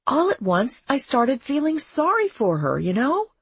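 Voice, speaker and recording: A woman's voice: high voice, wildly swooping pitch, unhurried, breathy edge, no echo, voice pushed up, heavily acted. A woman narrator voicing a cheerful, tender-hearted young woman who speaks in an earnest, gushing way.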